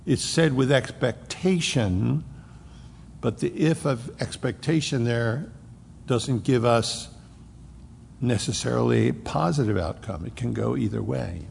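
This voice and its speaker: A man's voice: medium pitch, a little slow, gravelly, darkish tone. A male pastor preaching an expository sermon, explaining scripture verse by verse. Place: church sanctuary. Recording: reverberant hall with faint noise.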